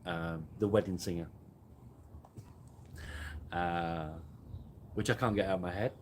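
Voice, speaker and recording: A man's voice: low voice, steady tone, unhurried, slight background noise. A man hosting a casual live chat, rambling and joking about himself with frequent laughs. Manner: rambling, self-mocking, laughs often. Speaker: host. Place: garden at night, outdoors.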